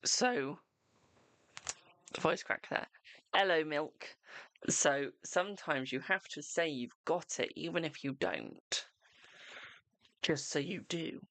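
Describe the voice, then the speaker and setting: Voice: medium pitch, animated, slow, a bit bright, no echo. A host giving live-streamed tarot readings in a chatty, reassuring way, calling viewers darling.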